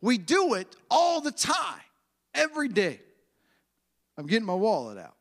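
A man's voice: extremely high pitch, wildly swooping pitch, unhurried, gravelly, fairly bright tone. A man preaching a sermon, emphatic and repetitive, with an uneven, stop-and-start pace.

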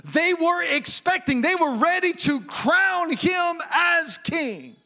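A man preaching a sermon, swinging from shouted peaks to low, quiet murmurs. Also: animated, slow pace.

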